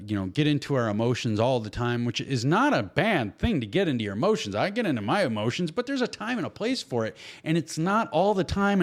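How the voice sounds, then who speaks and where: A man talking bluntly on a casual podcast, heated and swearing constantly. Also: mid-range voice. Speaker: podcast host. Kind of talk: casual profane podcast talk.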